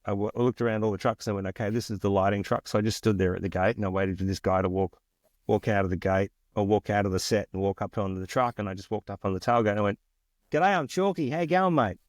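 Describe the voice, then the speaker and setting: Chatty Australian man, low dry voice. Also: very fast, dry recording. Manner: chatty, lively, acts out quoted voices. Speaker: guest. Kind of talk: casual storytelling interview.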